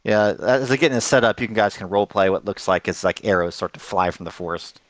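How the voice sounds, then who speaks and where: Low-voiced man running a tabletop game. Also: dry recording. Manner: halting, many fillers and restarts. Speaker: game master.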